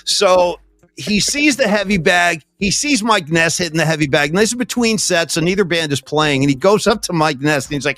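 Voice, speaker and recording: A man, co-hosting a podcast in a casual, animated storytelling manner. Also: high-pitched, fairly quick, no echo. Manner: animated storyteller, laughs often. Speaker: podcast co-host.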